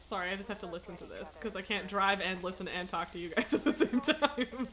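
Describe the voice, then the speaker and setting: A woman's voice: medium pitch, brisk, a crowd in the background. A young woman streaming a game, chatting casually, giggling and swearing freely. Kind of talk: casual live-stream commentary.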